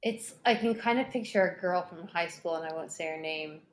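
A woman in casual conversation, chatty, getting animated as she describes things. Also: fairly low pitch, brisk, slight background noise. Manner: chatty, animated when quoting voices. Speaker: conversation partner.

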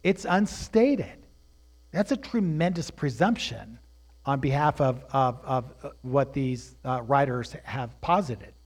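A man teaching a sermon, asking rhetorical questions and swinging between hushed, drawn-out phrases and loud, emphatic preaching. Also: mid-range voice, animated.

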